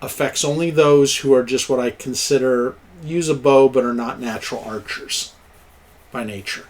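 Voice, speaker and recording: A man's voice: medium pitch, normal speed, a little mellow. A man narrating a tabletop game as game master, chuckling and cheering on the players' rolls. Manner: chuckling, encouraging, plays up dice rolls.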